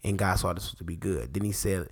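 A man, a parent, hosting a faith podcast in an excitable, rambling monologue that keeps interrupting itself. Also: deep voice, brisk. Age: adult parent. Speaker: podcast host.

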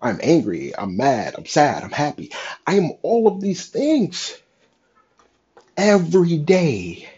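A young man talking in a raw, halting, emotional confessional monologue, cursing often. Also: a little high, huge pitch swings, a little mellow, husky. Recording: dull lo-fi sound.

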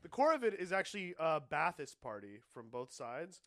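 A man co-hosting a podcast in casual chat, relaxed and explaining at length. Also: fairly high pitch, normal speed, dry recording, clean studio sound. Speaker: podcast co-host.

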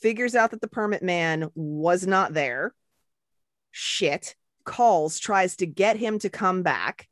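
A woman's voice: on the low side, lively intonation, slow, fairly bright tone, dry recording, clean studio sound. A woman co-hosting a podcast, retelling movie scenes in casual, profane chat. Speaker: podcast co-host.

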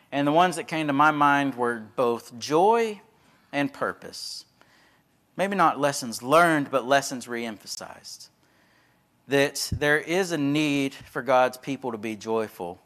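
This man, a preacher from Texas, has a mid-range voice with a fairly bright tone. He tells stories in a folksy, conversational sermon, performing the quoted voices as he goes.

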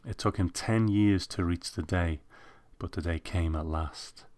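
A man reading a story aloud as narrator, in measured, scripted audiobook narration. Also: low-pitched, a little mellow, dry recording.

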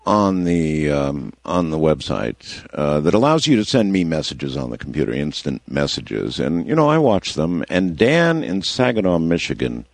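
Deep-voiced male call-in host, animated, dry close mic. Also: normal speed, hardly any pauses, dry recording. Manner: relaxed, conversational, with affirming interjections. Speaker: radio talk show host. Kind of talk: late-night call-in radio hosting.

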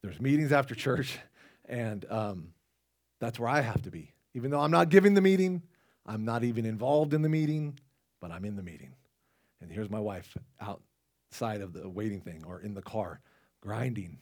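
A man with a somewhat low voice delivers a loose, conversational sermon. He wanders into asides and restarts his sentences as he talks to the congregation. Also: expressive, normal speed, darkish tone. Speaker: lay preacher. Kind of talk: casual sermon.

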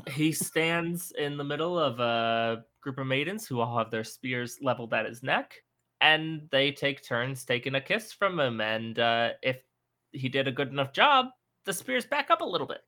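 A young man chiming in on a book chat with dry, wry asides. His voice is bright and his pitch sits mid-range. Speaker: podcast co-host. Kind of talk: casual book discussion.

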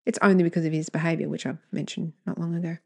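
A woman's voice: low voice, level tone, racing, creaky, mellow. A woman hosting her own podcast, reading emails aloud and commenting bluntly, with rambling asides and free swearing. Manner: candid, blunt, swears freely; rambling, self-correcting asides. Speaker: podcast host.

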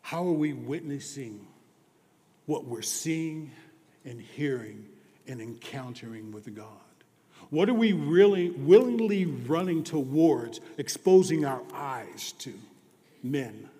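A man preaching to his congregation with an unhurried, deliberate pace and a mellow, darker tone. His delivery swings from hushed confession to emphatic proclamation, and his voice rings out with the long reverb of a large church sanctuary. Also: mid-range voice. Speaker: pastor. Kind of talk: sermon.

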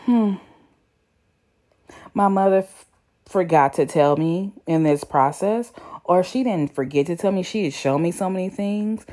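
A young woman, telling a story to her viewers in a chatty, slangy, animated way. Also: on the low side, measured pace, pauses often. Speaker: vlogger. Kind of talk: casual storytelling to camera.

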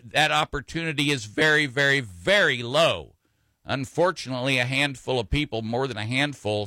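A man's voice: mid-range voice, sharp tone, no echo. A man hosting a radio talk show, chatting in a folksy, rambling way with frequent fillers and restarts. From Texas.

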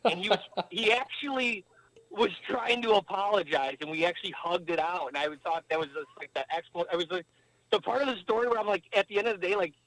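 As a guest on a casual storytelling podcast, a man from the United States who played pro hockey talks fast in a high, somewhat bright voice. His long story drifts into rambling asides and fillers, and the sound quality is poor.

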